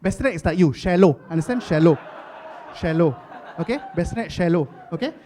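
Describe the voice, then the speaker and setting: A woman's voice: on the low side, animated, fairly quick, dark tone, a little hiss or hum, close to an everyday voice. A man voicing an exasperated young wife who scolds and lectures with a Singaporean accent, repeating herself. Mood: lecturing. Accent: Singaporean English.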